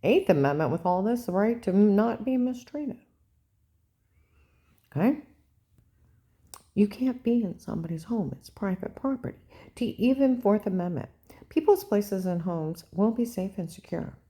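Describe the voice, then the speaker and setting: A woman's voice: mid-range voice, expressive, a little slow, pauses often, dark tone. An older woman in a rambling, agitated personal monologue, repeating herself and often asking "okay?". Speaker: vlogger.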